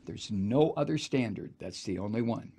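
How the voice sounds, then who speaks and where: A man's voice: on the low side, animated, normal speed, mellow, breathy edge. A man hosting a political talk show, delivering a sardonic, profane ranting monologue. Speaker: radio talk show host.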